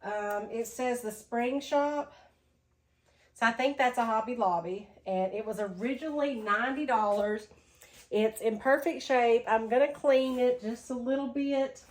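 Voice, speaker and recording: A woman vlogging a casual thrift haul, chatty and tired, low on energy after being sick, with lots of "um"s. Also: unhurried. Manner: chatty, says "y'all", many "um"s.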